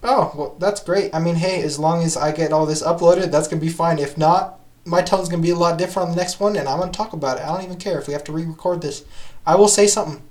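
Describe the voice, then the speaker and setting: A young man co-hosting a casual sports podcast, animated and slangy, talking in quick bursts. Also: a little high. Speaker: podcast co-host.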